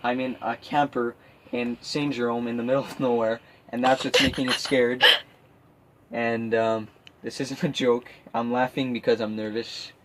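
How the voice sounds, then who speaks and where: Recording himself in a camper after dark, this young man from Quebec speaks at a normal speed with a medium pitch that barely moves. Casual and anxious, he keeps restarting and filling gaps as he tells his tale, and the outdoor background is noisy.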